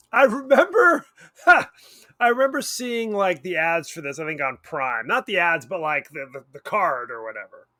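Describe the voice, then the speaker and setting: A man's voice: on the high side, big pitch swings, measured pace, pushed and bright, no room sound. A man co-hosting a podcast, talking about a movie in a rambling, wry way and often correcting himself. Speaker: podcast co-host. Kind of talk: casual movie chat.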